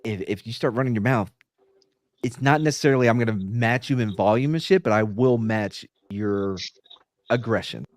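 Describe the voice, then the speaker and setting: A man's voice: fairly low pitch, moderate pace, no echo. A man, a former police officer hosting a podcast, telling stories in a blunt, profane, swaggering way. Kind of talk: casual podcast chat, storytelling.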